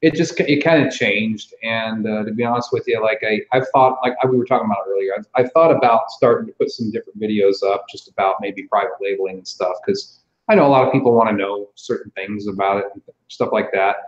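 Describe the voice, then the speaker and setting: Man, guest, low pitch, easygoing, hesitant, roomy, muffled lo-fi sound. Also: fairly quick. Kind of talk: casual live-stream chat.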